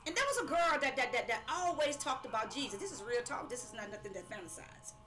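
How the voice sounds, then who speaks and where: A woman's voice: sits high, lively intonation, quick pace, a crowd in the background. A woman preaching a live-streamed sermon, emphatic and repetitive, sometimes breaking into laughing cries.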